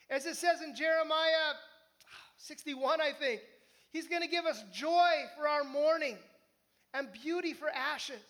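Bright high-voiced male preacher. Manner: conversational, animated, asks the listeners. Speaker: pastor. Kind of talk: sermon.

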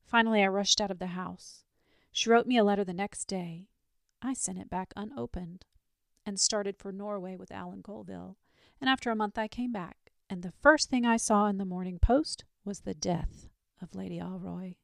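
Gravelly-voiced woman reading a story. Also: mid-range voice, no room sound, studio quality. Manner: measured, expressive reading with soft dips. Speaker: story reader.

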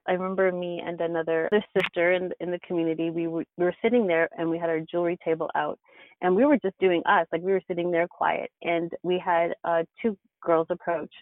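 A woman's voice: fairly low pitch, no room sound. A woman guest in an interview, telling her life story in an earnest, reflective way. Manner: earnest and reflective, with bursts of laughter. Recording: tinny phone-like line, dry.

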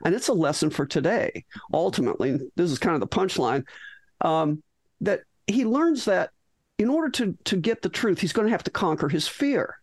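A woman's voice: fairly low pitch, animated, normal speed, darkish tone, no room sound. A middle-aged woman, a physician guest in an interview, tells a story animatedly with frequent restarts and acted-out lines.

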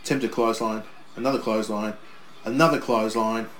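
A man co-hosting a wrestling watch-along, joking loudly and shouting along with the match in casual banter. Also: lowish voice, steady tone, fairly quick, slight background noise. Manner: loud, jokey, shouts at the screen.

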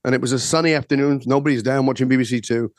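A man in his sixties from Northern England, a podcast guest telling his life story in a measured, reflective way. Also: mid-range voice, steady tone, no echo, clean studio sound.

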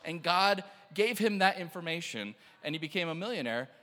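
A man preaching an animated sermon, telling stories, acting out quotes and laughing often. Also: a little high, moderate pace, long reverb tail. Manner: excitable, laughing, acts out quotes. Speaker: pastor.

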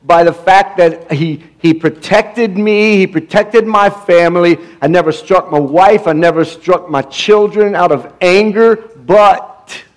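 A man's voice: high voice, a little slow, hardly any pauses. A middle-aged man pastor preaching a sermon with emphasis, stumbling over restarts and asking the congregation for amens.

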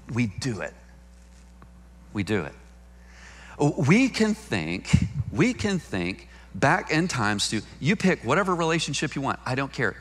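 A man's voice: fairly high pitch, a bit bright. A male pastor preaching a sermon in a conversational, storytelling way, repeating key lines for emphasis.

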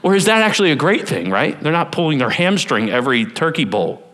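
A middle-aged man delivers a sermon from the pulpit. His pitch sits a little above the usual male range, and it rises and falls a great deal. He drops into voices now and then to act out little scenes for the congregation. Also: a little fast. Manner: animated, lively storytelling with acted-out voices. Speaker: pastor.

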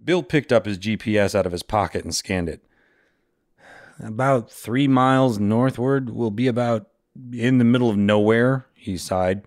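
A man reading a fantasy story aloud, slow and measured, with friends listening. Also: lowish voice, a little mellow, no echo, studio quality. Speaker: podcast co-host reading aloud.

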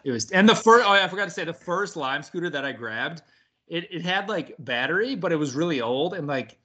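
A man's voice: a little high, animated, fairly quick, pushed and bright. A young man animatedly telling a story in casual chat, swearing often and laughing through it.

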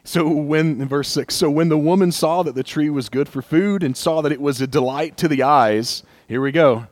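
Young male pastor, animated, slips into acted inner voices, dry close mic. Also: fairly high pitch, no echo. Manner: animated, laughs often, acts out inner voices. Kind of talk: casual sermon.

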